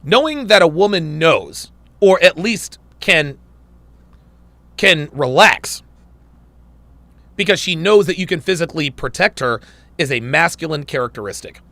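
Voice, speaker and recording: Male host, gravelly and a touch high-pitched, emphatic and repetitive, dry close sound. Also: animated, unhurried, long pauses, pushed and bright, no room sound. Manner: emphatic, repeats phrases while building a point. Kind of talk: livestream commentary.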